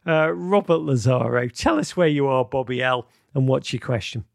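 Gravelly-voiced man hosting a call-in show. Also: mid-range voice, expressive, normal speed, no room sound, clean studio sound. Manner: rambling, repeats words, warm and emotional. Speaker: podcast host taking callers. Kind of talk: live call-in show chat.

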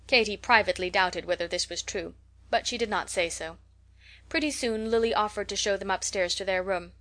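A woman reads a classic novel aloud as an audiobook narrator. Her delivery is steady and even, and her pitch sits in the middle range for a woman. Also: brisk. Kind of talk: scripted narration.

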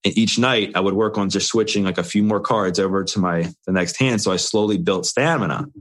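A man with a somewhat low voice talks candidly about his own life as an interview guest. He is earnest and builds his story in quick chains of short phrases, with everyday fillers along the way.

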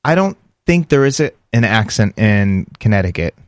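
A man's voice: on the low side, very animated, normal speed, dry recording, clean studio sound. A man from New Jersey chatting casually as a guest on a radio show, in a rambling, self-deprecating way.

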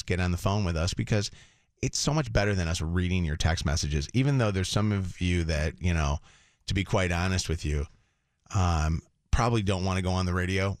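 A man's voice: low-pitched, no room sound, clean studio sound. A man from the Detroit area hosting a morning radio show, telling a story in a rambling, chatty way and laughing often. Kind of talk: casual morning radio chat.

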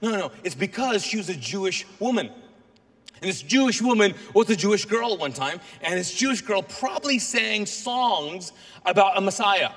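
Animated high-voiced preacher in a reverberant hall. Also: male voice, moderate pace. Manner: animated storytelling, acts out voices of biblical figures. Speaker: pastor. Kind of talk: sermon.

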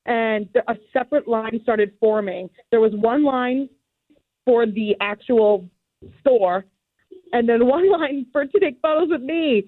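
Young woman on the phone, giggly and animated, tinny dry line, kinda high voice. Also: a little slow, no room sound. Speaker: guest caller. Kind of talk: casual phone interview.

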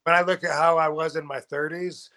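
A man's voice: a little high, flat delivery, fairly quick, pushed and bright. A man of about fifty chatting as a podcast guest, rambling with many fillers and restarts. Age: 50s. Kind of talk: casual podcast chat.

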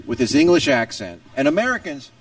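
A man's voice: medium pitch, big pitch swings, fairly quick, no room sound, recorded from a distance. A man co-hosting a podcast, chatting in an opinionated, joking way. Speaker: podcast co-host. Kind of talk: casual podcast chat.

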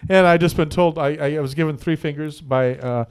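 A man's voice: a little high, steady tone, normal speed, darkish tone, clean tone. Joking, rambling radio host man. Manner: joking, rambling storyteller with many fillers. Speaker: radio talk show host. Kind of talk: casual radio chat. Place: radio studio.

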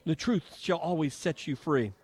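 A man's voice: a little high, moderate pace, darkish tone, husky. A man hosting a live radio talk show from a home and garden show, chatting, joking and reading ads.

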